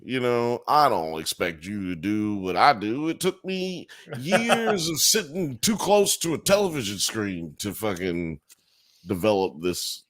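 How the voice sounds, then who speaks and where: Low-voiced man joking on a podcast. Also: very animated, a little slow, a bit bright. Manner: joking, laid-back banter. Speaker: podcast co-host. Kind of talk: casual chat.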